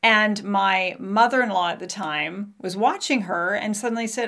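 A woman in her forties hosts her own show and tells a personal story in a candid, lively way. Her voice sits mid-range with a gravelly edge. She breaks into the remembered dialogue as she goes. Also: medium pitch, moderate pace. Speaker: podcast host.

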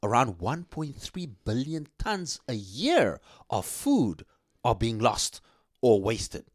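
A man's voice: mid-range voice, slow pace, dry recording, clean studio sound. A man co-hosting a casual discussion, emphatic and repeating his points. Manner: animated, emphatic, repeats "yeah" and "okay". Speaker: podcast co-host.

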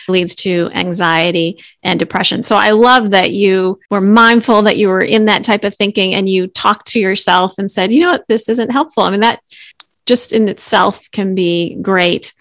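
A middle-aged woman coach speaking on a podcast, explaining mindfulness gently and earnestly, with light laughs. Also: medium pitch, vocal fry, dry recording, studio quality. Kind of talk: conversational explanation.

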